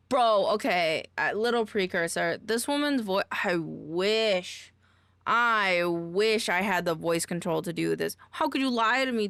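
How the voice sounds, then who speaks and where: A woman's voice: lowish voice, fairly bright tone, no room sound. A woman streamer chatting casually, goofy and exclamatory, often swearing and trailing off mid-sentence. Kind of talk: casual live-stream chat.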